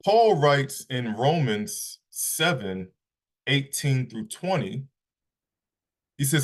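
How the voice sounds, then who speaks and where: A man's voice: mid-range voice, very animated. A man giving a Shabbat Bible lesson, reading scripture aloud and often restarting his sentences. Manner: halting, repeats words, reads scripture aloud slowly. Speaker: Bible teacher.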